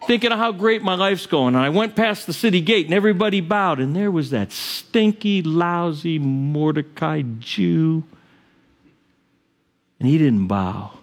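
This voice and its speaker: A man's voice: fairly high pitch, expressive, a little slow. A man playing a boastful royal official who gloats about his rise, in a sermon retelling. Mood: sneering. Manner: gloating, strutting.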